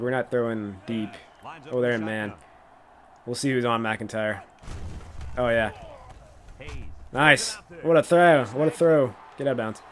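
This gaming YouTuber, an excitable man with an ordinary mid-range pitch, gives loose commentary on his own football video game plays. He reasons aloud about each call and breaks into laughter at big moments, his voice cracking now and then between coughs.

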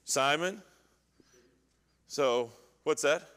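A man leading an adult Bible class with a somewhat high voice that rings bright and sharp. He is animated, acting out scripture quotes and firing questions at the class. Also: drawn-out words, long reverb tail.

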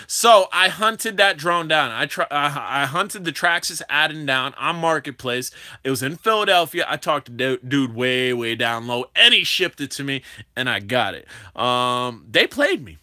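A young man hosts a casual drone livestream, chatting with his viewers. He talks in a hyper, animated, slangy way. His voice sits a little high and comes across bright and forceful. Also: unhurried.

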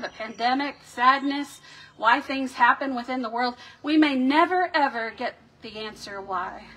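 A woman pastor delivering a sermon in a measured, reflective way, voicing the questions of scripture with drama. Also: high voice, sharp tone, slight background noise. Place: church sanctuary.

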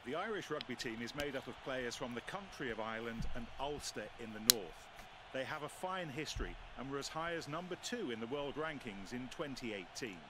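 A man voicing the play-by-play commentator in a rugby video game, with a brisk broadcast delivery. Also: medium pitch, expressive, heavy background noise, close to an everyday voice. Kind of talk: sports commentary.

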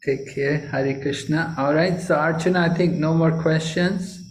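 A British man, a spiritual teacher, giving brief, kindly replies in a relaxed question-and-answer session. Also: a little high, moderate pace. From Britain. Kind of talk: relaxed Q&A after a class. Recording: echoey room.

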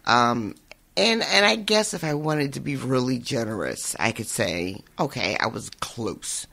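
A man's voice: mid-range voice, animated, a little slow, vocal fry, bright, forceful tone. A man co-hosting a podcast in casual chat, feeling unwell and laughing often. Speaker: podcast co-host.

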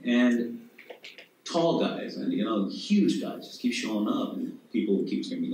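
Animated Pakistani man telling stories in a hall. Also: medium pitch, a little slow, far from the mic, a little hiss or hum. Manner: animated, laughing, acts out quoted voices. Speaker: conference speaker. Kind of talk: storytelling talk on stage. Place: conference hall.

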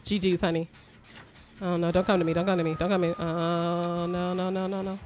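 A young woman streams a video game, talking through it with excitable commentary. She swears freely, cheers on her teammates, and breaks into shrieks when she is chased. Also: fairly low pitch, a little fast, faint music behind. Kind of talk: live gameplay commentary.

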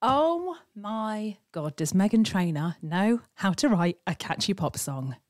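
A woman co-hosting a casual podcast, animated and jokey, calling people "mate". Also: mid-range voice, measured pace, dry recording, studio quality. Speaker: podcast co-host. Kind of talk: casual chat.

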